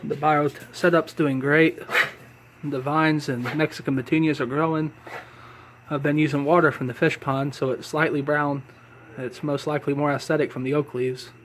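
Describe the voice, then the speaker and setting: A congested man, sick for days, casually narrating as he films and feeds his pets at home, with relaxed, chatty talk and apologetic asides. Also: fairly high pitch, normal speed, slight background noise. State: congested from illness. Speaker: pet keeper filming his animals. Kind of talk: casual narration while filming. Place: home, dimly lit room with tanks.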